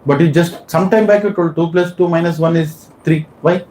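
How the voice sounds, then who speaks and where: A man's voice: on the high side, steady tone, normal speed, darkish tone, slight background noise. A man teaching a class of devotees, quizzing them with questions and stressing his points. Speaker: spiritual teacher. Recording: echoey room.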